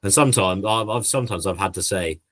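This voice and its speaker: Blunt, sweary lad, low voice. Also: male voice, fast, fairly bright tone. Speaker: podcast co-host. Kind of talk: casual podcast chat.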